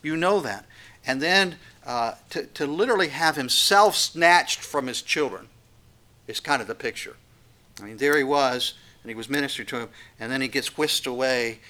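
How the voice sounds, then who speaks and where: Male pastor, sermon delivery, earnest and emphatic, bright forceful voice. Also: mid-range voice, normal speed. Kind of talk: expository sermon.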